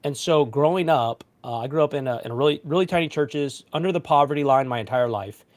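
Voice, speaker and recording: A pastor in his thirties, with a fairly high voice and fast delivery, tells a personal story during a casual panel discussion. He's animated, acting out quotes in different voices.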